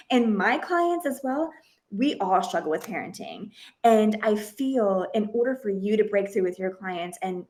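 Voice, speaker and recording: A woman hosting a parenting podcast, talking in a lively conversational way and acting out bits of family dialogue as she tells stories. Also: fairly high pitch. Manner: animated storytelling, acts out family dialogue. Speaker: podcast host and parenting coach.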